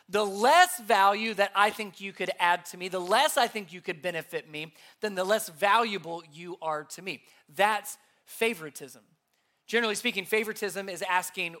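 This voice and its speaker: With a sharp tone at medium pitch, this pastor teaches earnestly from the pulpit. Key points come back again and again, and he poses rhetorical questions to his listeners.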